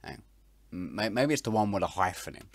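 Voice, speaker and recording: A man's voice: lowish voice, expressive, a little fast, dry recording. A man hosting a reaction video, making crude, mocking jokes and stumbling over his words. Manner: mocking, stammering, bursts into loud laughter. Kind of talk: profane comedic reaction commentary.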